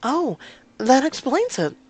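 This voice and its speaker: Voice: high voice, wildly swooping pitch, slow pace, slightly rough, soft background music, pitched above the performer's own voice, exaggerated voice. A reader voicing an outgoing, chatty young college woman in a story game, bubbly and eager. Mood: friendly.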